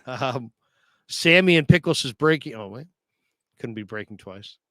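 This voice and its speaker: A man's voice: medium pitch, animated, normal speed, fairly bright tone, no room sound. A man hosting a casual sports talk show, reading viewer comments aloud and laughing often.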